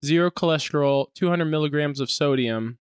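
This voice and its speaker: A man's voice: fairly high pitch, a little fast, clear, resonant tone, dry recording, clean studio sound. A man co-hosting a podcast in casual chat, joking and laughing while tasting snacks and reading out labels. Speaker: podcast co-host.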